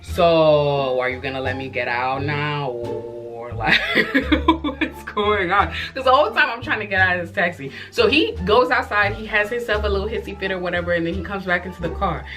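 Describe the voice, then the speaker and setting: A woman telling a personal story in a casual vlog, expressive and animated, with frequent cussing and asides to the audience. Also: medium pitch, brisk, faint music behind. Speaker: vlogger.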